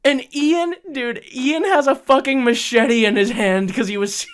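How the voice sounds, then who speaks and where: A young man co-hosting a podcast, telling a story in casual chat, profane and excitable, laughing often. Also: very high voice, a little slow, slight background noise. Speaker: podcast co-host.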